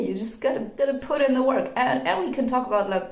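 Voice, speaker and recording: A woman's voice: high-pitched, expressive, fast, hardly any pauses. A young woman talks straight to the camera in a roomy, echoing space. Her English is not her first language. She is blunt and opinionated, swears freely, and slips into mocking put-on voices when she quotes other people. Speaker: video essayist. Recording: echoey room.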